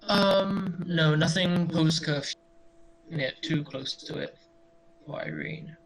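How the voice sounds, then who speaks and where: A man's voice: on the high side, slow pace, low-quality recording. A man playing in a tabletop game, talking casually and hesitantly with many fillers. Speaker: player.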